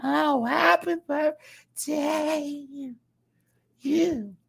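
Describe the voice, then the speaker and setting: A woman putting on a high, breathy, drawn-out voice in a dazed impression of a female singer. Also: exaggerated voice. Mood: dreamy.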